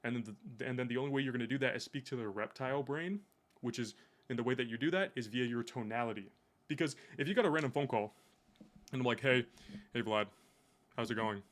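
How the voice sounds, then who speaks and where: A man's voice: mid-range voice, quick pace. A young man in casual chat, coaching a coworker on sales, swearing freely and making his points bluntly. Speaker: sales rep.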